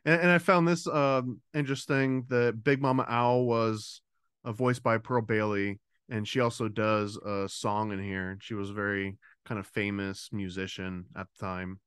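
A man's voice: on the low side, fairly even intonation, normal speed, fairly bright tone, smooth, no room sound, clean studio sound. A man co-hosting a podcast, talking casually at length with some restarts. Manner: conversational, talkative with restarts. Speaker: podcast co-host. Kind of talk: casual chat.

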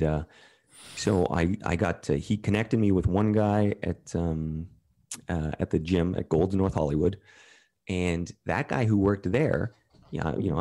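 A man with a very low, mellow voice tells his story in a loose, candid way. He drops swear words freely and slips into other people's voices when quoting them. He sounds relaxed and unhurried. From Canada. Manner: candid, profane, retells quotes in others' voices. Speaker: podcast guest. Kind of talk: casual storytelling.

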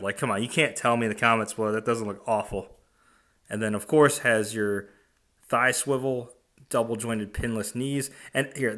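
Host, male, bright and forceful tone, casual toy review, blunt slangy opinions. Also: medium pitch. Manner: demonstrates and points at objects as he talks.

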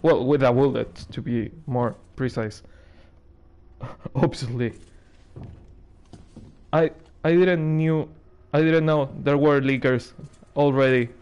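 A man's voice: mid-range voice, takes it slowly, pauses often, darkish tone, smooth, dull audio. A man giving sarcastic, nervous commentary while playing a horror game, swearing and laughing when scared. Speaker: gaming streamer. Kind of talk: let's play commentary.

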